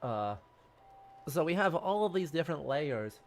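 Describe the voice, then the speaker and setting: A chatty man hosting a game stream, rambling and poking fun at himself as he plays. His voice sits slightly high. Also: very animated, unhurried. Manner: chatty, self-deprecating, rambling. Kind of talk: casual let's-play chat.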